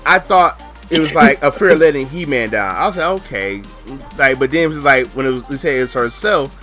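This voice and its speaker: A man hosting a casual show review, jumping in excitedly and stammering over repeated words as he tries to get his point across. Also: on the high side, fast talker, faint music behind. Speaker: channel host reviewing a show.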